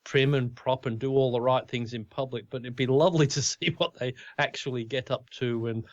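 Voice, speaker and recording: A man's voice: mid-range voice, fairly even intonation, a little fast, no echo. An Australian man co-hosting a casual talk show, telling anecdotes in a chatty way. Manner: chatty storyteller, laughs into his anecdotes. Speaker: podcast co-host. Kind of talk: casual chat. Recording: dull, dry lo-fi sound.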